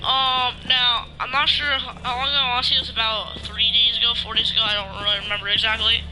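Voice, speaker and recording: High-pitched guy ranting on his vlog, lots of ums and restarts, cusses a bit. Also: little pitch movement, quick pace, pushed and bright, faint music behind. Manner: rambling with many restarts and filler words; swears casually. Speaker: gaming YouTuber. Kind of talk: casual rant vlog. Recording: noisy background hum.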